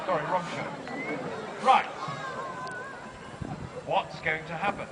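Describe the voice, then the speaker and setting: A man's voice: a little high, slow pace. An Australian man giving jokey live commentary at an outdoor festival, punning and rousing the crowd over a PA. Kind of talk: comic live event commentary. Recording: loud crowd and outdoor noise. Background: cheering crowd.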